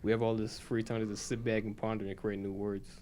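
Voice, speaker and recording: A man's voice: fairly low pitch, little pitch movement, quick pace, dark tone, a little hiss or hum. A young man from the United States co-hosting a casual podcast, rambling and repeating himself with lots of "like". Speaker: podcast co-host. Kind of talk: casual stoner chat.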